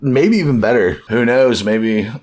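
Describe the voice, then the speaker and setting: A man co-hosting a podcast, chatting casually, swearing freely and acting out characters in quick quoted bits. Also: mid-range voice, animated, darkish tone. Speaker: podcast co-host. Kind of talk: casual chat.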